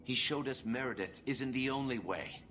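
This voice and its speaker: A man's voice: mid-range voice, normal speed, fairly bright tone, lightly acted. A man voicing an earnest young male templar in a video game who pleads urgently for a reform cause, with game music behind him.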